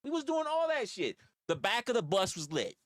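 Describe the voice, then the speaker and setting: A man's voice: high-pitched, very animated, brisk, no echo, clean studio sound. A man, rambling through profane stories on a casual livestream. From New York. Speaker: livestream host.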